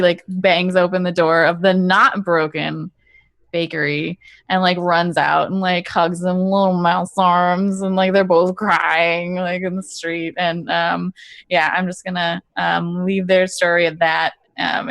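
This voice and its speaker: A woman with a lowish voice talks through her character's ending in a tabletop game, loose and rambling, peppering everything with "like" and "um". The sound is dry and close, with no room around it. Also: gravelly, fairly bright tone, dry recording. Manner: rambling, full of "like" and "um", giggly. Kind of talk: casual narration of her character's epilogue.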